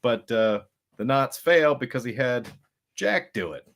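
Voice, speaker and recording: A man's voice: mid-range voice, lively intonation, measured pace, vocal fry, a bit bright. Laid-back man chiming in agreeably. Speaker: podcast co-host. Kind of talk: casual movie review chat.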